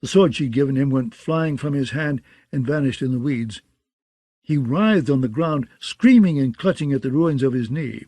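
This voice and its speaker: A man reading an audiobook in a steady, measured way. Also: medium pitch, no echo. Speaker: audiobook narrator. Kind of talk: scripted audiobook narration.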